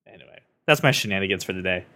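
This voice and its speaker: A man hosting a casual podcast, joking around and talking in an animated, self-interrupting way. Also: low voice, rapid-fire. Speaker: podcast host.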